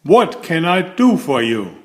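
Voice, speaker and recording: A man voicing a loud, brusque shopkeeper who bellows at his customers and has no patience for them. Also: very animated, takes it slowly. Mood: impatient. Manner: booming, impatient.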